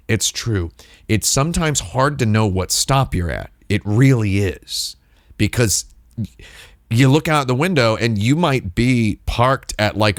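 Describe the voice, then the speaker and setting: Male host, lower voice, dry close sound, rambling wry storyteller. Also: no echo. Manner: rambling, digressive, wry asides. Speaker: livestream host. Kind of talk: casual storytelling on a livestream.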